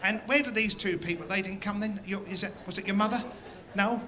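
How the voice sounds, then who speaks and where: A man's voice: high voice, fast. A man, hosting a live show on stage and chatting with the audience in a teasing, mock-scolding way. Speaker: singer and bandleader host. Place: theatre on a pier, live show. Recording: live stage with loud big band.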